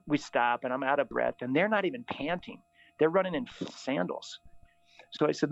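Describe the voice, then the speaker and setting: A middle-aged man, a priest, telling lively stories in a casual chat, often laughing at his own tales. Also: fairly high pitch, moderate pace, creaky, dry recording. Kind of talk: casual storytelling. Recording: slightly dull, dry audio.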